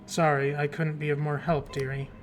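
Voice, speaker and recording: A man's voice: on the high side, level tone, moderate pace, natural voice. A man reading game dialogue aloud as a fussy, guarded older woman librarian who calls people dearie. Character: prim, jumpy older woman librarian hiding secrets. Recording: game music playing behind.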